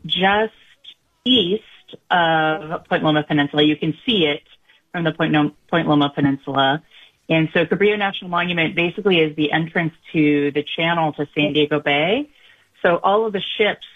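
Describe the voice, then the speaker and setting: Female radio guest, cheerful and upbeat, heard over a tinny phone line. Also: low voice. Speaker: radio interview guest, nonprofit director. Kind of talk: radio interview.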